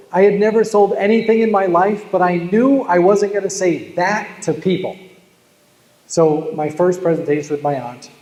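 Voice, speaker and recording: A man's voice: fairly high pitch, dark tone. A man with a Boston accent giving a live keynote on sales, telling jokes and stories and calling out to the audience. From Boston, USA. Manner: joking, storytelling, talks to the audience. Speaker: keynote speaker. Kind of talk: live motivational sales talk. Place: large hall at a live event. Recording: echoey hall with long reverb.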